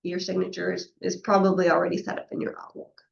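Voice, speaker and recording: A woman presents a professional session in a chatty, conversational way, often tossing in a "right?" and acting out quoted back-and-forths. Her voice carries a gravelly fry, and the recording sounds somewhat muffled and lo-fi. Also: on the low side, completely flat delivery, quick pace. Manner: conversational, frequently adds "right?" and acts out quoted exchanges.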